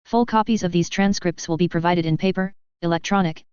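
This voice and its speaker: A man's voice: sits high, steady tone, a little fast, a little mellow, clean tone, no echo, close to an everyday voice. A narrator voicing a confident male admiral giving a formal press briefing, with a dull, lo-fi sound. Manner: formal address. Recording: dull lo-fi dry audio.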